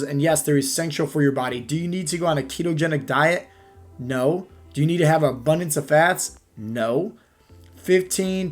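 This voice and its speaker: A man's voice: fairly high pitch, vocal fry. A man giving a fitness coaching talk as a podcast monologue, emphatic, often checking in with "right?" and "okay?".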